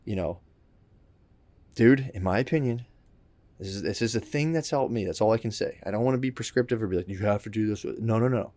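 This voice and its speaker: A man's voice: fairly low pitch, brisk, a little mellow. Earnest man rambling on a solo podcast. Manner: earnest, rambling, acts out inner voices. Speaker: podcast host.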